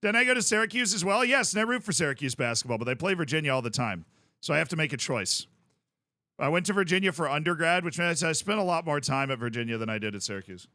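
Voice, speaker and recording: A man's voice: fairly high pitch, big pitch swings, fast talker, sharp tone, no room sound, clean studio sound. A man, chatting casually on a livestream, rambling and restarting his sentences. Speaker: streamer.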